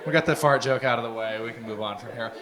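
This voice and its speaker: A young man doing a deadpan stand-up set of dark one-liners. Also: medium pitch, quick pace, crowd noise. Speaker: stand-up comedian. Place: comedy showcase stage. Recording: live with loud audience. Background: audience laughter.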